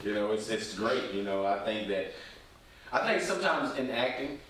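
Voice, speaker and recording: An encouraging man hosts a relaxed chat and drives his points home with emphasis. He sits back from the microphone, and a strong room echo hangs on every word. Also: lowish voice, moderate pace, a little hiss or hum. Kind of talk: casual podcast chat. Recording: echoey, distant from the mic.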